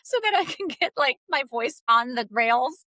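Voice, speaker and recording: A woman's voice: lively intonation, moderate pace, bright, forceful tone, dry recording. Bubbly woman narrator, dry close sound. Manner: bubbly, laughs often, drops into low voice to demonstrate. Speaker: audiobook narrator guest. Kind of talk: casual interview chat.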